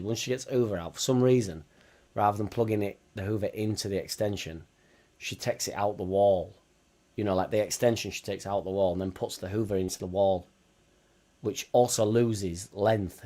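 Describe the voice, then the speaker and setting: A Yorkshire man hosting a livestream chats through a casual watchalong, full of blunt banter and swearing. His voice is on the low side and mellow.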